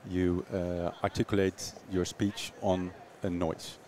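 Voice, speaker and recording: Guy pitching his startup, really low voice, stops and restarts a lot, little noise behind. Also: level tone, slow, warm tone. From Netherlands. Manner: hesitant, fillers and repeated words. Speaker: startup founder guest. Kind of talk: interview answers.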